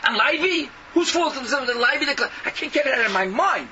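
A man preaching an impassioned sermon, scolding and firing rhetorical questions with bursts of shouting. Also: very high-pitched, animated, a little fast. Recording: distant, dull lo-fi, noisy.

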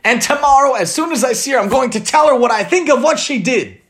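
A man's voice: a little high, huge pitch swings, unhurried, pushed and bright, heavily acted. A man voicing a young schoolgirl who blurts out her hurt and anger. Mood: bitter. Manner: blurting, emotional.

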